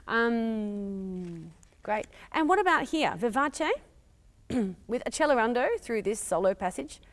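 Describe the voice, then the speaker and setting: A woman's voice: fairly high pitch, animated, takes it slowly. A woman with an Australian accent teaching a violin master class, asking probing questions and singing phrases aloud. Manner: encouraging, questioning, sings phrases.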